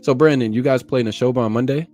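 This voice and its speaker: A man's voice: medium pitch, fast, darkish tone, faint music behind. A man hosting a casual podcast chat, laid-back and calling people "bro". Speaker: podcast host.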